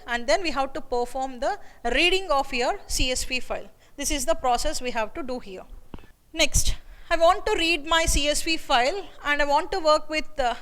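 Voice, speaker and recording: A woman's voice: high voice, fairly bright tone, long reverb tail. A woman explaining programming step by step, often saying "okay" and "see here". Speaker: programming teacher. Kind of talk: screen-recorded coding lesson.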